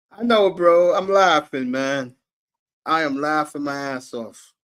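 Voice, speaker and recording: A man's voice: fairly high pitch, takes it slowly, fairly bright tone. A man hosting a live sports talk stream, brash and profane, calling out chat viewers by name. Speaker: sports talk show host.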